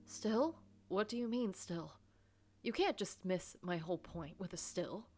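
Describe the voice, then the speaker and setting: A woman voicing a playful, warm-hearted young man in a game, speaking lightly and earnestly. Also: mid-range voice, animated, a little slow, faint music behind.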